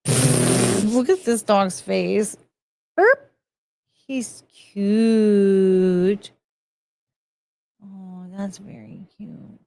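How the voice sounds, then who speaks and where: A woman's voice: mid-range voice, big pitch swings, drawn-out words, vocal fry, pauses often, dark tone, a little hiss or hum. A young woman streaming casually, gushing and cooing over pictures of dogs. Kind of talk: casual live-stream chat.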